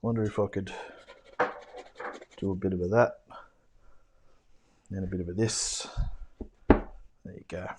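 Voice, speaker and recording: A man's voice: deep voice, fairly even intonation, a little slow, long pauses, a little mellow, slight background noise. An Australian man giving a casual watercolour demo, muttering offhand remarks to himself as he paints and sometimes dropping to a whisper. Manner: self-mocking, offhand with mild swearing.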